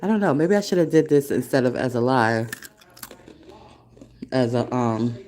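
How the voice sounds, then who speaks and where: A woman's voice: a bass voice, lively intonation, normal speed, a little mellow. A woman in her forties hosting a casual solo podcast from her desktop, rambling with frequent laughter and heavy cursing. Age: 40s. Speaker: podcast host and café founder. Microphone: desktop computer recording.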